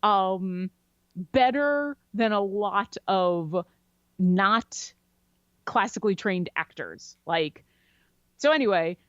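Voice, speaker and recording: A woman guest on a podcast, chatty and animated as she tells a story about a game. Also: mid-range voice, slow pace, pauses often, no echo. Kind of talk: casual storytelling interview. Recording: dry, slightly dull lo-fi sound.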